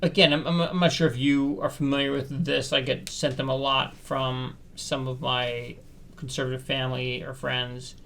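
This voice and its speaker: A man's voice: medium pitch, level tone, moderate pace, gravelly, a bit bright, a little hiss or hum. A man in a casual podcast talk, speaking carefully and hedging, often repeating words while he thinks. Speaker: podcast co-host. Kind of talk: casual conversation.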